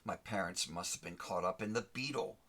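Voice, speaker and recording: A man's voice: low-pitched, a little fast, bright, forceful tone. A man hosting a motivational talk, speaking emphatically to the listener, repeating and rhyming his key phrases. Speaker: host of a motivational show.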